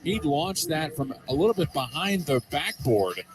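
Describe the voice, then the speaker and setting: A man calling live basketball play-by-play, getting excited on big plays. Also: on the high side, moderate pace, crowd noise. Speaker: play-by-play commentator.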